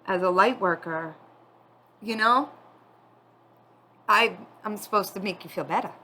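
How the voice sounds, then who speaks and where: Tearful woman giving a slow tarot reading. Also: medium pitch, sharp tone, low-quality recording. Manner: candid, confiding, slow and halting. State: tearful, crying. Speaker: tarot reader. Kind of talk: emotional spiritual reading.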